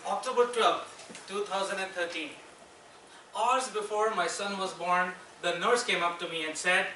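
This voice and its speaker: Bright-voiced male speaker, slow and dramatic, miked from afar in an echoey room. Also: sits high, fairly even intonation. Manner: slow, dramatic pauses, rhetorical questions. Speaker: contest speaker. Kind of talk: persuasive speech. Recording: echoey room, far mic, faint noise.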